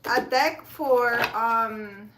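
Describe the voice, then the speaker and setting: Woman, live-stream card reader, chatty, laughs a lot, slow unhurried talk, faint background hiss. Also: a little high. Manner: chatty, laughs often, answers comments by name. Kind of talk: casual live-stream chat with viewers.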